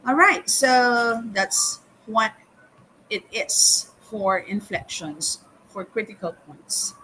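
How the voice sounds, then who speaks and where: A woman teaching calculus step by step in a live lesson, often pausing with "okay" and "hang on". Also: medium pitch, expressive, sharp tone, slight background noise, low-quality recording. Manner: slow, step-by-step explaining with frequent "okay" and "hang on". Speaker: math teacher.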